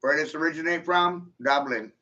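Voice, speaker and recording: Brash male vlogger, bright forceful voice, swears freely, slightly high pitch, lo-fi sound. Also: fairly quick. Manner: provocative, laughing often, swearing. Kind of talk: rambling profane monologue.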